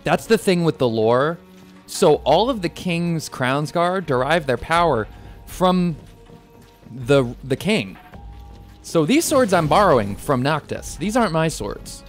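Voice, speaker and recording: A man streaming a video game, chatting in animated, jokey and rambling commentary into a desk microphone. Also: fairly high pitch, slow. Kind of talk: let's play commentary. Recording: game music behind.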